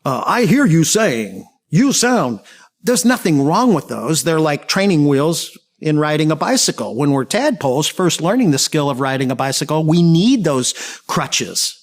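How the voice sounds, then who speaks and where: A man's voice: fairly high pitch, normal speed. Man giving a humorous training talk. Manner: anecdotal, humorous, lively asides. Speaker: communication trainer.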